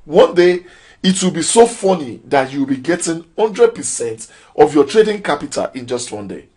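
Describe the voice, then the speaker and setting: Husky man giving a preachy trading talk. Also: a little high, animated, moderate pace, mellow. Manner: preachy, rhetorical questions, rising emphasis. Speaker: crypto trading trainer. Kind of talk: motivational training talk.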